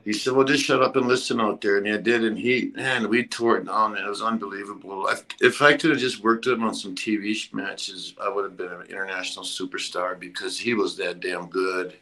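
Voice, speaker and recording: A man who used to wrestle, telling road stories in a casual interview, halting and rambling with lots of fillers and blunt swearing. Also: on the low side, fairly even intonation, bright, forceful tone, rough recording. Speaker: former pro wrestler guest.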